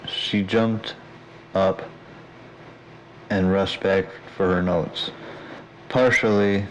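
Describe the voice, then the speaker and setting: A man reading his own audiobook aloud in a steady, even way. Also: deep voice, drawn-out words, slight background noise, poor audio. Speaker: audiobook narrator. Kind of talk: audiobook narration.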